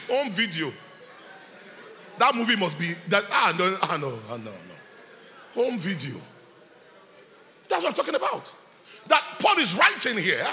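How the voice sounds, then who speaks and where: Animated pastor preaching in a hall. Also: male voice, sits high, a little slow, long pauses. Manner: animated preaching, swings from shouting to hushed. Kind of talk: sermon. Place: church hall.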